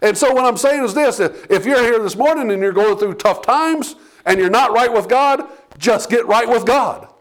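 A male pastor with a notably high voice delivers a sermon in a plain, conversational way. He leans on "okay?" and "Amen?" to keep the congregation with him. His delivery climbs in pitch and force as he urges them on. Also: moderate pace.

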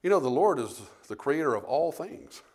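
A man preaching a sermon in a folksy, animated storytelling way, often asking the congregation "Amen?". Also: on the high side, moderate pace.

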